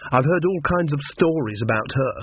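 A man's voice: on the high side, expressive, a little fast, slightly rough, no room sound. A man voicing a frightened young woman. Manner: anxious, hushed. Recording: tinny phone-like dry sound.

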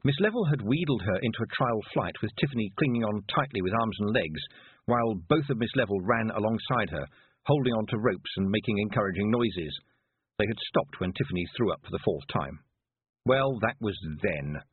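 A male storyteller reading aloud with a husky, lively delivery that moves through his pitch. The recording is dry and close, with a thin phone-like band. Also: moderate pace, no room sound. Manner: expressive, storytelling. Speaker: narrator. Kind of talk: audiobook reading. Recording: dry, phone-like narrow sound.

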